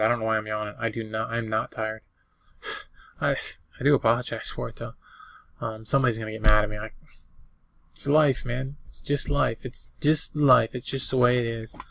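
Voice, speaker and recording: This older man talks a little fast in a medium-pitched, creaky, slightly bright voice with fairly even intonation, broken by long pauses. As an eBay reseller showing off his finds in a casual vlog, he rambles in a folksy way through prices, sale amounts, and dates.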